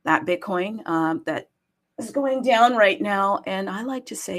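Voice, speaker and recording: A woman's voice: medium pitch, measured pace. A woman hosting a live audio space in a chatty, playful way, hyping her topic and greeting listeners with mock hellos in many languages, with plenty of fillers. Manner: lively hype delivery with frequent fillers. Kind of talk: casual live-stream chat.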